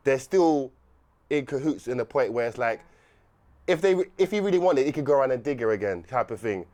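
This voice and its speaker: A young man telling a rambling, animated story on a podcast, laughing often and restarting his sentences. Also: mid-range voice, fairly quick. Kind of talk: casual storytelling chat.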